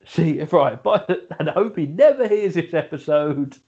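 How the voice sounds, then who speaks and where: A man's voice: a little high, expressive, measured pace, mellow, slightly rough, soft background music. A man co-hosting a podcast, joking and laughing, often stammering and restarting his sentences. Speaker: podcast co-host. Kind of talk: casual chat. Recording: dull lo-fi podcast audio.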